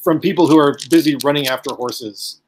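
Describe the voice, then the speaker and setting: A man's voice: a little high, brisk, background noise. A man running a tabletop game as game master, rambling with many ums and uhs.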